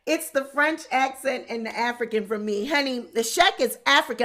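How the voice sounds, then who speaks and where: Sassy, bright-voiced woman gossip host. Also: high voice, moderate pace, few pauses. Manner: sassy, mocking. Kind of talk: comedic commentary.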